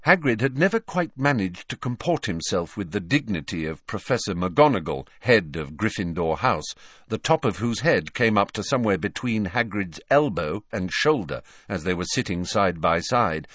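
A man reads a novel aloud as an audiobook narrator, with a fairly low voice that rises and falls widely as he tells the story. The recording is dry and close to the mic. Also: normal speed, no echo. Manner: expressive storytelling reading. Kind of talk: scripted narration.

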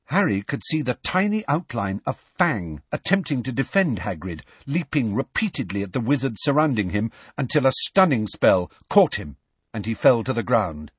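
A man reads a story aloud in a measured, expressive way, his voice husky with lively rises and falls. The recording is dry and close, with no room sound. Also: mid-range voice, dry recording. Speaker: audiobook narrator. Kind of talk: scripted narration.

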